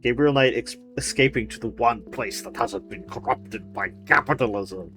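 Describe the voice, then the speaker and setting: A man's voice: medium pitch, moderate pace, fairly bright tone, soft background music. A man streaming a video game, rambling and joking with casual commentary, swearing and laughing often. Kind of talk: casual let's-play commentary.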